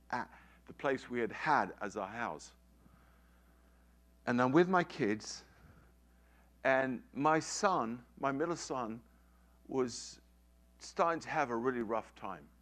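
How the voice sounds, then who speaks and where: Middle-aged male preacher, average pitch; emphatic, repetitive storytelling delivery in a sermon. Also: a bit bright. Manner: emphatic, repeats phrases for effect.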